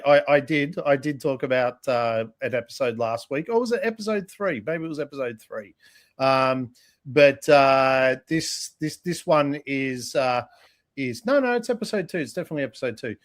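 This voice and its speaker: A man co-hosts a pop culture podcast, rambling through news with plenty of ums. His tone stays jokey and teasing, at an ordinary middle pitch. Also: moderate pace. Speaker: podcast co-host. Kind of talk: casual chat.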